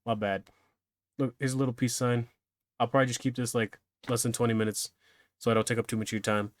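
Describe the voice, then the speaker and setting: A man's voice: medium pitch, level tone, fast, no echo. Rambling young man hosting a solo podcast. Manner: rambling, self-deprecating, laughs easily. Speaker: podcast host.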